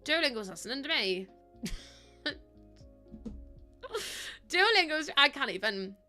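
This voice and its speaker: A woman streamer chatting casually with her live chat, excitable and talkative, laughing often. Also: high voice, brisk, soft background music.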